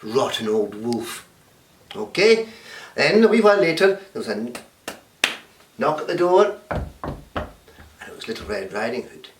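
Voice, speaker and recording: Man, lively storytelling teacher, roomy echo, distant mic. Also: a little high, moderate pace, long pauses, slight background noise. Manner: animated, checks in with "okay?". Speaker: workshop teacher. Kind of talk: storytelling lesson.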